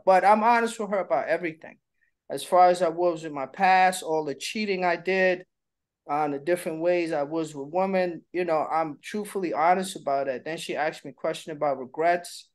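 A man's voice: on the high side, normal speed. A middle-aged man chatting casually as a co-host, candid and playful, slipping into little impressions while he tells stories. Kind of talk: casual chat.

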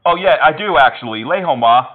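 A man's voice: fairly high pitch, lively intonation, brisk, crowd noise. A man making prank phone calls, talking in a mocking, teasing, playful way. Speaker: prank caller. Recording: tinny phone line.

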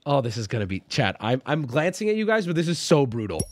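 A man's voice: medium pitch, sing-song, normal speed, no room sound, clean studio sound. A man streaming a game, talking through each move aloud, swearing and breaking into sudden yelps. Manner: swears often, talks through moves out loud, with sudden yelps. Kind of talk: live-streamed game commentary.

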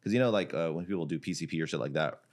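He races through his words in a low-pitched voice, a gym owner from Iraq who teaches jiu-jitsu, guesting on a podcast. The story comes out animated and casual, peppered with laughs, curses, and "like."

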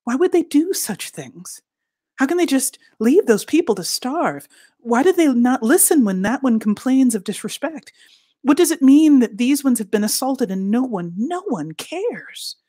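A woman voicing a crowd of shocked townsfolk who fire off disbelieving questions, pitched above her reading voice. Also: sing-song, a little slow, dark tone. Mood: aghast. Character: shocked, incredulous townsfolk of both sexes.

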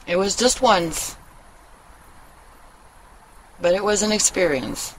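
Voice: medium pitch, animated, slow, a little hiss or hum, low-quality recording. A vlogger talking in a loose, rambling monologue, blunt and full of swearing, often trailing off and starting over. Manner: blunt and profane, trails off and restarts. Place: at home, living in Germany.

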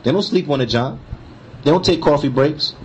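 A man's voice: a little high, animated, normal speed, darkish tone, breathy edge, low-quality recording. A man giving a religious lesson, switching between recited Arabic and emphatic, repetitive explanation. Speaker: Islamic teacher. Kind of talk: lecture explaining a hadith.

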